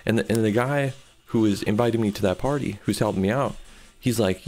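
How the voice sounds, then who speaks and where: A man in his twenties telling a story in a casual, excitable way, acting out the dialogue as he goes. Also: lowish voice, brisk, soft background music. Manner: excitable, quoting with "I'm like".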